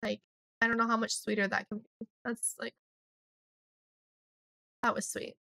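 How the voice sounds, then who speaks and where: A young woman, slightly hoarse, chatting and rambling through a let's play of a life-sim game. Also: on the high side, flat delivery, normal speed, pushed and bright, no room sound. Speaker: gaming YouTuber.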